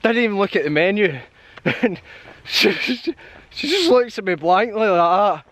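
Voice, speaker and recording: A man's voice: sits high, moderate pace, a bit bright. A young Scottish man chatting and telling stories while hiking outdoors, laughing often. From Scotland. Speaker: hiking vlogger. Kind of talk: casual chat while hiking. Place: outdoors on a hill trail.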